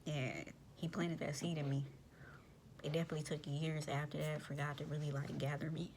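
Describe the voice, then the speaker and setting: A woman's voice: deep voice, flat delivery, brisk, a little mellow, a little hiss or hum. A young woman, animatedly telling a personal story in slangy casual speech and addressing her listeners directly.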